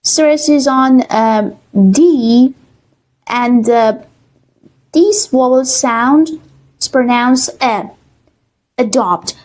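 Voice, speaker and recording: A woman English teacher with a Persian accent, explaining exam reading answers slowly, with many fillers and a checking "okay?". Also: fairly high pitch, darkish tone. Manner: slow, many fillers, repeats words with "okay?". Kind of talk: online exam-prep lesson.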